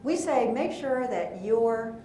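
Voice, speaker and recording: A woman giving a lively, playful workshop talk in a conference room, asking the audience questions as she coaches. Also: a little high, slow, echoey room, slight background noise. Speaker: presentation coach.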